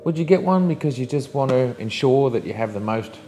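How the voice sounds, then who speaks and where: A man's voice: mid-range voice, lively intonation, brisk, hardly any pauses, mellow, soft background music. A man, a photographer talking through cameras in a casual review vlog, enthusiastic and full of rhetorical questions to his viewers.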